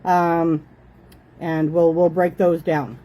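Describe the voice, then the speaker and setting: A woman's voice: lowish voice, little pitch movement, slow, mellow, a little hiss or hum, poor audio. A woman in her thirties from Canada hosting a casual chat at home, motherly and talkative, breaking off now and then to tell her kids to behave. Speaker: host. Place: home living room.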